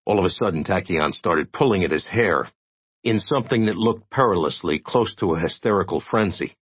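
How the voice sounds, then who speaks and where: Lively, lowish male audiobook narrator. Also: fairly quick, slightly rough, no echo. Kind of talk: scripted narration. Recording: dry, dull lo-fi recording.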